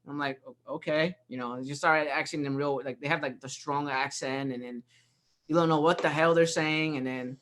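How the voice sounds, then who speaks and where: A man with a Brooklyn-sounding accent jokes and teases his way through a casual group chat. His voice sits a little high for a man. His talk is loose and playful. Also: fairly even intonation, a little fast, a bit bright. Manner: joking, teasing. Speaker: host.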